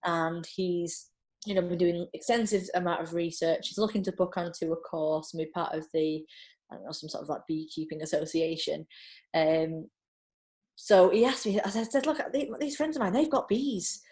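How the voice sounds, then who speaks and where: A woman's voice: low voice, normal speed. A woman in casual conversation as a podcast guest, telling stories chattily with lots of fillers and laughter. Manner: chatty, animated storytelling with frequent laughs and filler. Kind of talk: casual chat.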